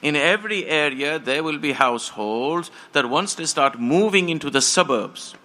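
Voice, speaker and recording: A man's voice: on the high side, lively intonation, moderate pace, bright, forceful tone, a little hiss or hum. A man preaching a sermon, telling stories with passion and acting out the voices of the people in them. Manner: impassioned storytelling, acts out quoted voices.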